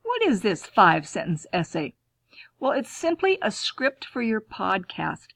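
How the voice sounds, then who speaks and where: A woman school librarian teaching students, clear and instructive, posing questions and answering them herself. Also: medium pitch, big pitch swings, measured pace, a bit bright, no echo. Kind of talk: classroom lesson, talking to students.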